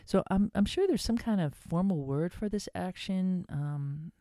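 A woman's voice: on the low side, animated, a little slow, mellow, no echo, studio quality. A middle-aged woman hosting a podcast, chatting casually while guiding relaxation and breathing exercises. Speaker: podcast host. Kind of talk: casual wellness talk.

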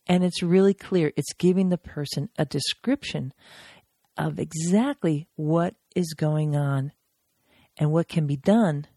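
Woman trainer, emphatic instructional podcast delivery, slightly low, mellow voice. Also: dry recording, clean studio sound. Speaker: crisis intervention trainer.

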